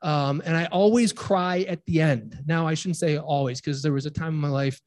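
A man in his forties preaches in a loose, conversational way, trading quick jokes with the people in the pews. His voice sits a little higher than most men's. He leads prayer in the same easygoing, unpolished tone. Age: 40s. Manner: relaxed, chatty, jokes with the congregation. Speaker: pastor. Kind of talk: informal sermon with congregation banter.

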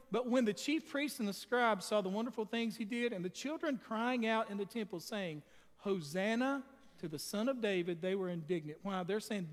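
A man's voice: sits high, long reverb tail. A man preaching a sermon, emphatic and speaking straight to his congregation. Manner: emphatic, addresses the congregation directly.

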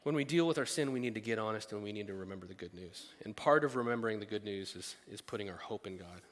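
A middle-aged man preaching a sermon as a pastor, animated, with playful asides and acted-out voices. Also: fairly low pitch, fast talker. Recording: long reverb of a large hall.

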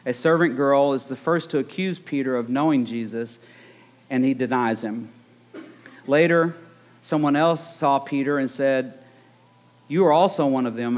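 A man preaching a conversational sermon, retelling the story with joking asides. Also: medium pitch.

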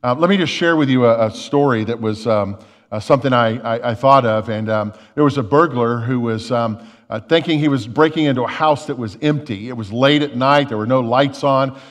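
A man's voice: medium pitch, brisk. Man preaching in an echoing church. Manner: conversational, repeats words while thinking, tells a joke story. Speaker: lead pastor. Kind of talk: sermon.

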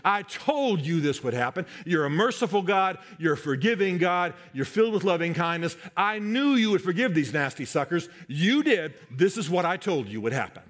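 A man's voice: sits high, animated, normal speed, hardly any pauses. A man preaching, voicing an angry, sulking male prophet who complains indignantly.

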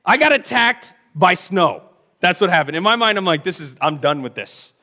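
Middle-aged pastor guy preaching, tells his story, acts out the quotes, gets loud then drops real quiet, kinda high voice. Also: expressive, moderate pace. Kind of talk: sermon with personal testimony.

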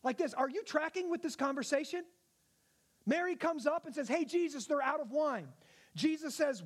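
A man's voice: very high voice, lively intonation, normal speed. A male pastor giving a conversational sermon, often checking in with his listeners. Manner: conversational, asks the audience questions.

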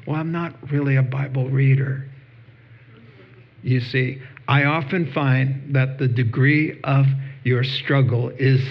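A husky male pastor delivering a sermon, slipping into lively acted-out voices as he retells conversations. The recording is somewhat dull and lo-fi. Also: medium pitch. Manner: animated storytelling with acted-out dialogue.

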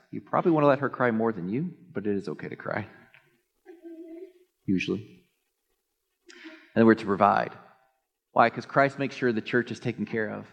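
A male pastor preaching a sermon in an animated, joking way, often mimicking others in a high voice. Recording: long hall reverb.

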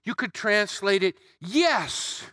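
A man's voice: high-pitched, expressive, slow, pushed and bright, dry recording, studio quality. A man preaching an Easter sermon, emphatic, building through repeated phrases.

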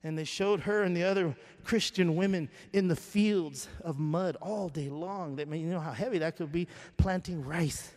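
High-voiced preacher in a long-echo hall. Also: male voice, normal speed, few pauses. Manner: builds from quiet storytelling to shouted preaching. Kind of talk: sermon.

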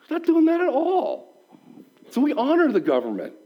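A man's voice: very high voice, moderate pace, dull audio. A male pastor preaching a sermon in a conversational way, asking his listeners questions and acting out what people might say. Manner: animated, acts out quoted voices.

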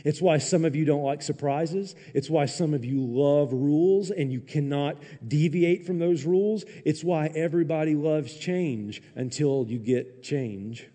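A man preaching a sermon as a pastor, animated and sarcastic, acting out mock quotes in raised voices. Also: fairly high pitch, measured pace, few pauses, in a large hall. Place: church.

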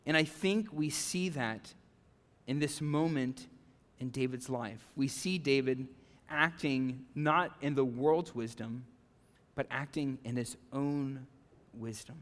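A male pastor preaching a conversational sermon, animated, with frequent "okay?" and "right?" asides to the congregation. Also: mid-range voice, slow, big-room sound. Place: church sanctuary.

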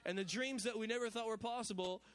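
A man's voice: high voice, fast talker. A man pastor preaching a sermon, repeating phrases, stumbling over restarts and calling on the congregation to respond. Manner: repetitive preaching with stammered restarts and call-and-response; animated, builds to shouted exclamations.

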